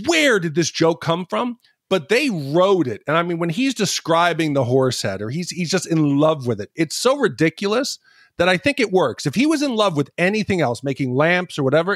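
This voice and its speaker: Animated, high-voiced podcast co-host man. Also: no room sound, studio quality. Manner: animated storyteller who acts out scenes. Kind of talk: casual movie-review chat.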